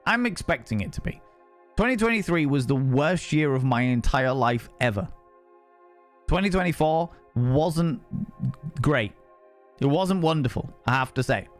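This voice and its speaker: A man's voice: a little high, expressive, measured pace, pauses often, soft background music. A young man streaming and chatting casually, rambling from topic to topic, swearing freely and greeting viewers by name. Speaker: streamer reading chat. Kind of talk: casual chat.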